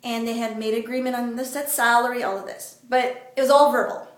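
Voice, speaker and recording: A woman's voice: a little high, steady tone, a little fast, reverberant. A woman vlogger from Canada, telling a story to camera in a chatty, rambling way with many fillers. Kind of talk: casual motivational talk to camera.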